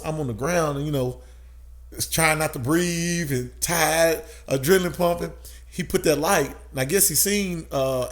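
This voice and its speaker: A man, a guest telling an animated story with frequent laughs. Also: a little high. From Tennessee, USA. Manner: animated, laughs often, swears. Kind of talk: casual storytelling.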